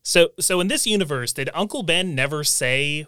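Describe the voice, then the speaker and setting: A man's voice: a little high, animated, unhurried, pushed and bright, clean tone, no echo. A man co-hosting a casual podcast chat, making dry, jokey remarks. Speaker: podcast co-host.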